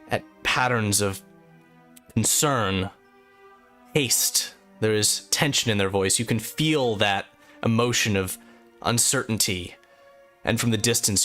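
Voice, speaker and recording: A man narrating a tabletop fantasy game as game master, telling a dream in measured second-person storytelling. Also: on the low side, fairly bright tone. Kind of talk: slow, atmospheric tabletop narration.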